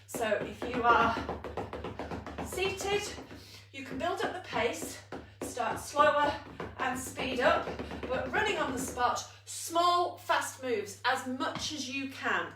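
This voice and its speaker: A woman's voice: sits high, slow. Breathless, upbeat woman fitness instructor. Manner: upbeat coaching, counting down, laughing at herself. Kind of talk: live online exercise class. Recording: roomy echo, from a distance.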